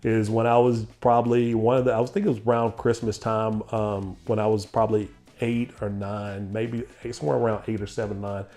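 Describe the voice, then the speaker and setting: A man hosting an interview, telling a personal story in a lively, laughing way. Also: on the low side, brisk, few pauses, soft background music. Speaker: interview host. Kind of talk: casual storytelling chat.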